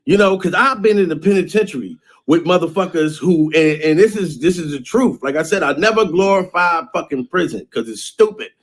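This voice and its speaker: High-voiced man in a mocking rant. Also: lively intonation, a little fast, hardly any pauses. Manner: laughs between phrases, loud and mocking. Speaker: vlogger. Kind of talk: profane rant.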